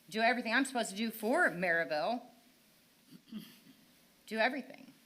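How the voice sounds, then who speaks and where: A woman's voice: on the high side, a bit bright. A middle-aged woman making an impassioned, frustrated public comment at a town council meeting, pleading with rhetorical questions. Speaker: parent speaking at public comment.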